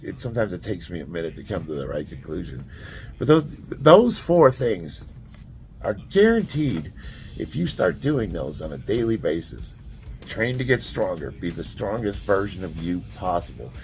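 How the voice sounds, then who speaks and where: Blunt plainspoken man, deep voice, casual motivational vlog delivery. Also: animated, moderate pace, a little mellow, faint music behind. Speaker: strength athlete giving life advice. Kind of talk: casual motivational talk to camera.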